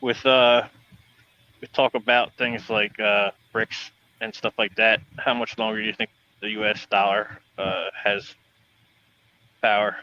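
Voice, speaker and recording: A man's voice: lowish voice, little pitch movement, unhurried, sharp tone, muffled recording. A man hosting a casual online panel chat, asking questions in a chatty way full of fillers. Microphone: headphones and home mic on a video call.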